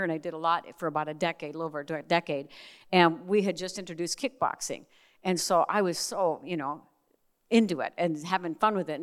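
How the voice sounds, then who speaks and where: A middle-aged woman preaching a sermon, telling family stories in a lively way and acting out the voices she quotes. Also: on the low side. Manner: animated storyteller, acts out quoted voices.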